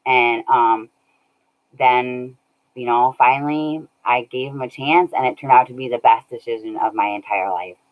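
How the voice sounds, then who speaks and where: A woman's voice: extremely low pitch, moderate pace. A woman chatting casually on a livestream, laughing often and thanking viewers by name. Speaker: streamer reading chat. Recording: dull lo-fi audio.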